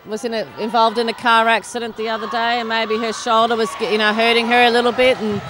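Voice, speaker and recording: A woman's voice: a little high, little pitch movement, fast, a crowd in the background. An Australian woman commentating a netball final in a chatty, giggly way, rambling with many fillers. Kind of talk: live sports commentary. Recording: noisy sports hall commentary.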